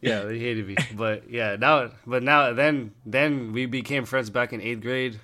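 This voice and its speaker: A man's voice: medium pitch, measured pace, sharp tone. A teenage boy hosting a casual chat with friends, rambling and swearing, with lots of stammering restarts.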